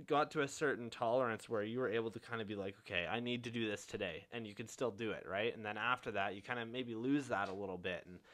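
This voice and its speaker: A man's voice: on the low side, fast talker, few pauses, a bit bright. A young man hosting a podcast in casual chat, laid-back, peppering his talk with swearing and fillers. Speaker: podcast host.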